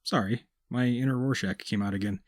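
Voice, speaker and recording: A man's voice: medium pitch, lively intonation, moderate pace, no echo, studio quality. A man hosting a gaming video, delivering a scripted monologue in a casual, sardonic and profane way.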